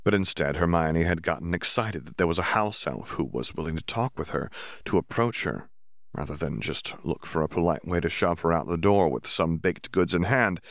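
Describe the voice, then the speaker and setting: A man reading a serialized story as audiobook narrator in a steady, measured way. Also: low voice, no echo, studio quality. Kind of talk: scripted narration.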